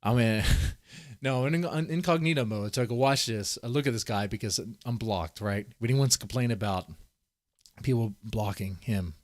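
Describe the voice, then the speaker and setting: A man's voice: medium pitch, normal speed, no echo, studio quality. A man giving rambling, profane casual commentary, often restarting his sentences as he reads posts on screen. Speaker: commentary streamer.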